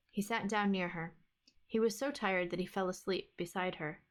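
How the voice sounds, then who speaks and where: A woman reading a fairy tale aloud for a book club stream, in a steady, even storytelling manner. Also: mid-range voice, moderate pace.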